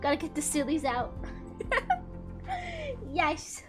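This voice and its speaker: This young woman streamer has a high-pitched voice and a slow pace. She chats casually while playing, giggly and gushing throughout the let's-play. Her commentary is layered over game music.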